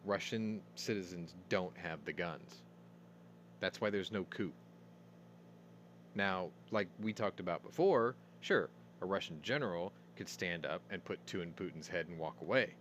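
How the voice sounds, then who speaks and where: A man's voice: low-pitched, lively intonation, unhurried, fairly bright tone, slight background noise. A man hosting a casual news commentary show, rambling and opinionated, swearing as he talks. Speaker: host.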